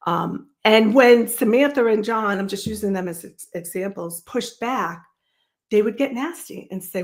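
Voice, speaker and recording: A woman's voice: medium pitch, moderate pace. A woman hosting her own live stream, talking casually and rambling, with frequent restarts and asides to the chat. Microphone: streaming setup.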